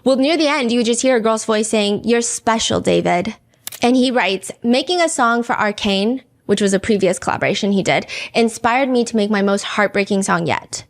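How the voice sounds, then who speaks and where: A woman's voice: on the high side, fairly quick, few pauses. A woman hosting a podcast, telling a true-crime story in a casual, chatty way, often saying "like" and "you know" and reading out quotes. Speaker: podcast host.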